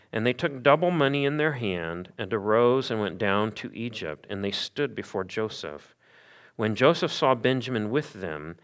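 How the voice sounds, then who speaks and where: Male pastor, somewhat low voice, lively storyteller in a sermon. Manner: animated storytelling with quick asides and rhetorical questions.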